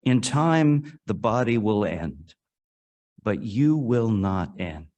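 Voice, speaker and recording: In a worship service hall, a man tells stories through a sermon to his congregation, using a fairly low voice. He's earnest and slow, with big pitch swings that climb to dramatic rises and fall to hushed drops. The recording sounds muffled.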